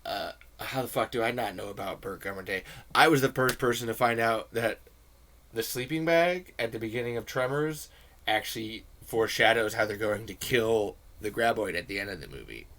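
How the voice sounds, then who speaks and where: A man's voice: fairly low pitch, animated, moderate pace, fairly bright tone. A man rambling earnestly to camera in a casual, profane commentary. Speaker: video creator.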